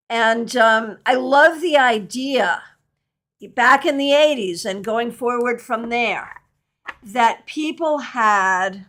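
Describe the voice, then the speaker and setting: A woman's voice: on the high side, sharp tone. A middle-aged woman teaching a live online tarot workshop, chatting candidly and answering viewer questions as she goes.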